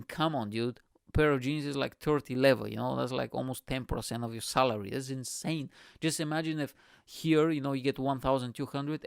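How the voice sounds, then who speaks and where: Gravelly Bulgarian-accented man telling stories. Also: medium pitch, no room sound, clean studio sound. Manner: profane, animated storytelling, acts out quotes. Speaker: podcast host. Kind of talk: casual storytelling monologue.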